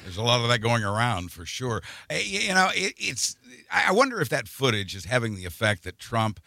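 A man's voice: medium pitch, big pitch swings, brisk, vocal fry, pushed and bright, dry recording, studio quality. A man co-hosting a political podcast, talking emphatically and often repeating words as he builds a point. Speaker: podcast co-host. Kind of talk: casual political chat.

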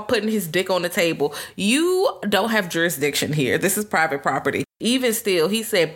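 A woman co-hosting a podcast in casual movie review chat, blunt and profane, acting out characters in squeaky voices. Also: very animated, fairly quick, hardly any pauses. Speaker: podcast co-host.

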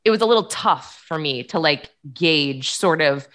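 A woman's voice: deep voice, animated, normal speed, a bit bright. A young woman co-hosting a podcast in casual chat, giggly and full of fillers. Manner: chatty, giggly, many fillers. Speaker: podcast co-host.

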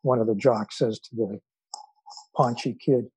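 Husky, mellow-voiced man telling stories. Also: medium pitch, steady tone, no room sound, low-quality recording. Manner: thoughtful, unhurried, with frequent filler pauses. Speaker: interview guest, psychologist and author. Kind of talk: relaxed storytelling in conversation.

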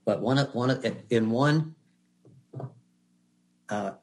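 A man's voice: mid-range voice, slow pace, gravelly, a little mellow. An older man, a guest actor, telling chatty anecdotes in an interview with laughs and restarts. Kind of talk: storytelling in an interview.

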